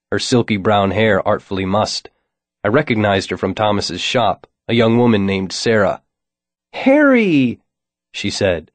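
A man narrating a novel in the first person with a wry, deadpan delivery. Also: fairly low pitch, no room sound. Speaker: audiobook narrator.

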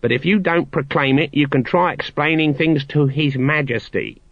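A man reading aloud as an arrogant senior male palace guard who speaks slowly and pompously. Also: fairly high pitch, no room sound, dull audio, voice pushed up, close to an everyday voice. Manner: pompous, slow, officious.

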